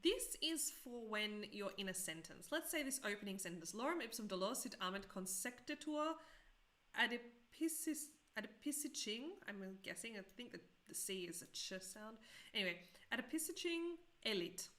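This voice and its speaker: A woman's voice: mid-range voice, expressive, normal speed, pushed and bright. A woman in her thirties teaching a live-streamed coding tutorial, chatty and self-deprecating, often asking viewers questions.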